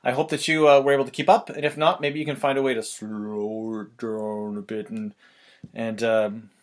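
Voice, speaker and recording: Fast-talking man explaining. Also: medium pitch, level tone. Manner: rapid, loose, filler-heavy delivery. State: out of breath. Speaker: online marketing instructor. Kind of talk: casual fast explainer talk.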